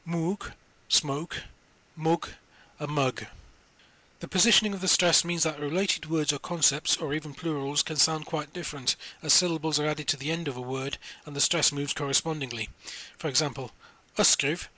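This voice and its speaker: A man with a bright, forceful voice that sits a little high reads an encyclopedia article aloud. He spells out letters one by one and carefully sounds out each foreign word. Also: steady tone, moderate pace. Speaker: volunteer reader of spoken encyclopedia articles.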